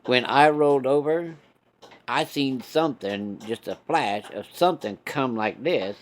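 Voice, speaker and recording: A man's voice: medium pitch, a little slow, a little hiss or hum. A man telling a casual story in a folksy, profane, laid-back way.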